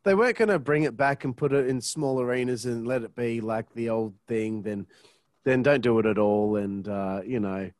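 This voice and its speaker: A man's voice: medium pitch, moderate pace, a little mellow, dry recording, clean studio sound. A man co-hosting a casual interview, blunt and swearing, stumbling a little as he starts his questions. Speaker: podcast co-host.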